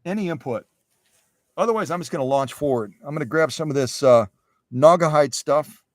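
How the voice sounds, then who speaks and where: A man hosts a sewing machine demo in a casual, folksy way, often saying things twice. His voice sits on the higher side. The sound is close and dry. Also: lively intonation, fairly quick, dry recording. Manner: chatty, folksy, repeats phrases. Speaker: sewing machine restorer hosting a live stream. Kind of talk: casual demonstration talk.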